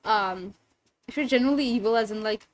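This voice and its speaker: A young woman streamer chatting casually with her viewers, playful and teasing, sometimes giving soft, gentle affirmations. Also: a little high, brisk, rough recording. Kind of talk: casual livestream chat with viewers.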